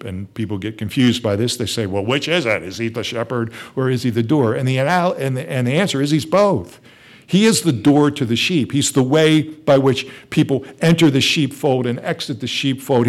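A man preaching a sermon, explaining Bible verses with a teaching tone and some restarts. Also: medium pitch. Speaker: pastor.

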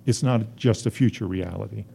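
A man's voice: fairly low pitch, normal speed, vocal fry, warm tone, slightly rough. A man preaching a sermon as a pastor, driving his points home through emphatic, rising repetition.

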